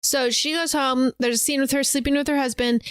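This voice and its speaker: An animated woman podcast host retelling a story in casual chat, full of "like" and acted-out quotes. Her voice sits a little high. The sound is close and dry. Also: a little fast, no room sound. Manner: animated, acts out quotes, lots of "like".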